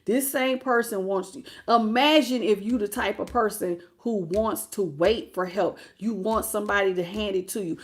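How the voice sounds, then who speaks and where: A woman giving a live tarot reading in a blunt, slangy, animated way, greeting chat viewers as she goes. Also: mid-range voice, moderate pace, hardly any pauses. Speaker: tarot reader.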